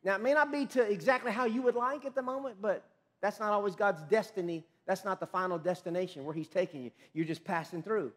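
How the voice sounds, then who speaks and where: High-pitched guy preaching, gets loud then drops way down, lots of restarts. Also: quick pace. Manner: emphatic preaching, rising loud on key phrases and dropping low and quiet; repeats himself and restarts mid-phrase. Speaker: pastor. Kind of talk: sermon.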